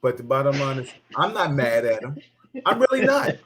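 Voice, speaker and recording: A man's voice: medium pitch, sing-song, normal speed, crowd noise. A middle-aged man hosting a casual talk show, telling stories animatedly, laughing and mimicking people. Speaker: host.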